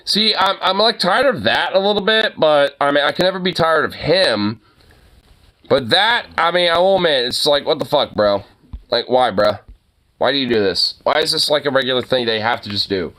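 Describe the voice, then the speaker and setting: A man's voice: fairly high pitch, expressive, moderate pace, bright, forceful tone. A young man chatting casually to the camera and his dog, loose and profane, laughing often and full of fillers. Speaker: dog owner vlogger.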